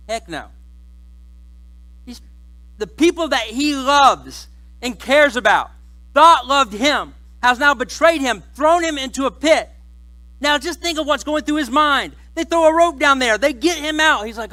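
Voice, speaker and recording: Bright high-voiced joking preacher man. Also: animated, measured pace, long pauses, poor audio. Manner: conversational and joking. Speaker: pastor. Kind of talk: sermon. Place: church.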